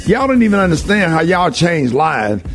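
A man's voice: fairly high pitch, big pitch swings, moderate pace, soft background music. An older man, hosting a morning radio show and delivering an impassioned monologue with a lot of emphatic repetition. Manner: emphatic and preachy, repeats phrases for emphasis.

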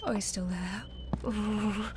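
A woman's voice: medium pitch, fairly even intonation, background noise, close to an everyday voice. A woman playing a chatty, fussy host who shows a friend around her lighthouse in a radio drama. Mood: flustered. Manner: quick, fussy and rambling.

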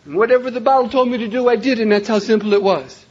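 Older man, unusually high voice, emphatic recovery-meeting speaker, muffled lo-fi recording. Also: quick pace, husky. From Cleveland, Ohio, USA. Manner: emphatic, raises voice to a shout then drops low. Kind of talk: personal recovery story told to a meeting. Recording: dull lo-fi recording.

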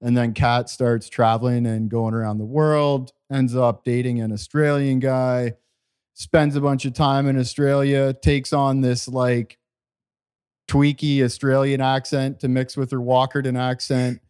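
A man's voice: medium pitch, little pitch movement, a little slow, a little mellow, smooth. A man hosting a casual podcast chat in a laid-back, rambling way. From Canada. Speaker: podcast host. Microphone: remote call.

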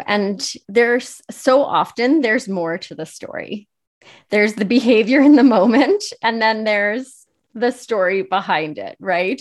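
A woman in her thirties hosts a parenting podcast. She answers her guest in an appreciative way. Her voice sits in a mid range, and she laughs easily. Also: mid-range voice. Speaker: podcast host. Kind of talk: casual interview chat.

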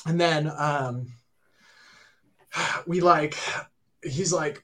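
A man in his thirties, a guitarist, telling a story in casual chat, animated and excitable, full of "like" and "right?". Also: fairly high pitch, slow pace, long pauses.

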